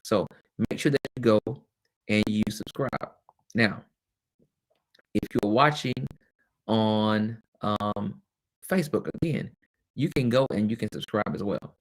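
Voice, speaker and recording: A man's voice: fairly low pitch, slow, pauses often. A man hosting a webcast as a former teacher, talking candidly and casually, with frequent laughs and chatty asides.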